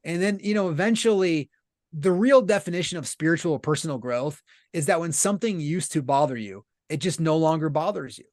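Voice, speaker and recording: A man's voice: fairly high pitch, fairly quick, a little mellow, no room sound, studio quality. A man being interviewed as a podcast guest, explaining his ideas in an earnest, conversational way and often checking in with "right?". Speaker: podcast guest, business leader.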